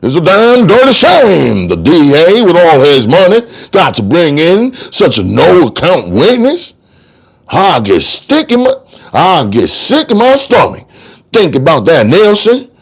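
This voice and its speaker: A man's voice: fairly high pitch, huge pitch swings, measured pace, long pauses, full character voice. A man voicing a street-smart male trial lawyer who argues in slangy, sing-song courtroom oratory. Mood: mocking. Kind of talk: dramatic audiobook reading.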